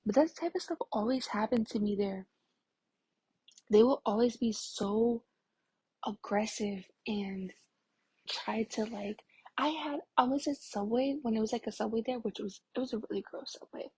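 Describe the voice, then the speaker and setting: Breathy young woman telling a story. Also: fairly high pitch, moderate pace, dark tone, dry recording. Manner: chatty, many fillers, drops to a whisper at times. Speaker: vlogger. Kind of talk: casual storytime chat.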